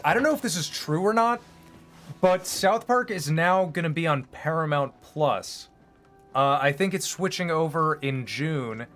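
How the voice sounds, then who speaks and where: A man's voice: a little high, fairly bright tone. Rambling, opinionated male streamer. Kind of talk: casual chat while streaming.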